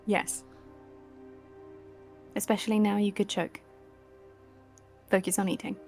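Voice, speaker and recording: A man voicing a gentle, protective god sibling in a high, soft voice that fusses over someone. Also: flat delivery, a little slow, soft background music. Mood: fussing.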